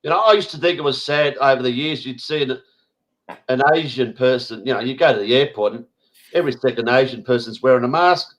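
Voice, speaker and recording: An Australian man hosting a casual online roundtable over a video call, blunt and quick to swear. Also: mid-range voice, poor audio. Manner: blunt, swears freely, irritable asides. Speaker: host.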